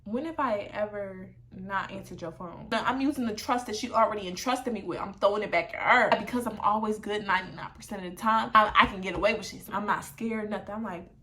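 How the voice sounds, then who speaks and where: A woman's voice: mid-range voice, fast, few pauses, sharp tone. A young woman chatting through a storytime while getting ready on camera, slangy and laughing along. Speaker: vlogger.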